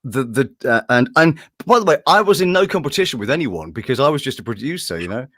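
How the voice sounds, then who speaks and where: Animated male guest who breaks into quick voice impressions, pitch swinging widely. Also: dry recording, clean studio sound. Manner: animated, jumps into impressions, laughs often. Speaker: voice-over artist guest. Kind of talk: casual interview storytelling.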